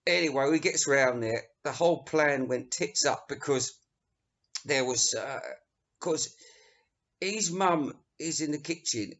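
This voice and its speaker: A man's voice: a little high, measured pace, a bit bright. A middle-aged man from England, telling rambling, sweary anecdotes as a music reviewer. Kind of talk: casual storytelling. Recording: dull lo-fi recording.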